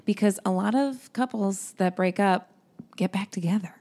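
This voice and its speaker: A woman co-hosting a podcast in a podcast studio, chatty and jokey, quick to riff. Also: medium pitch, warm tone. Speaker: podcast co-host. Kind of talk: casual chat.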